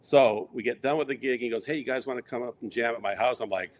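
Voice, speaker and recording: A middle-aged man telling long, rambling stories in a relaxed interview, acting out quoted lines along the way. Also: mid-range voice, fast. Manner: rambling anecdotes with quoted asides. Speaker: interview guest. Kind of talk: casual storytelling.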